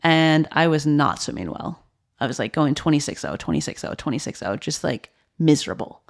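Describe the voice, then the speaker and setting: Woman, thirties, low register; podcast guest, candid storyteller, loose and earnest with lots of "like". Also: animated, fast, creaky. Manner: earnest, heavy use of "like" fillers. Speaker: podcast guest, former elite swimmer and coach.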